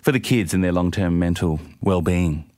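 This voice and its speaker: A man hosting a casual parenting panel, telling stories about his own family in an animated, self-mocking way. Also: deep voice, moderate pace, no echo, clean studio sound. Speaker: host.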